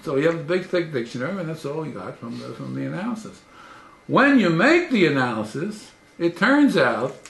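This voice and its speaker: A man lecturing as a professor, his voice pitched a little above the usual for a man. He talks haltingly, restarting phrases and jumping up in pitch to stress key words. The room around him rings with echo. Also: fairly bright tone. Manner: halting, with repeated restarts and frequent pitch jumps for emphasis. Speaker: professor giving a talk.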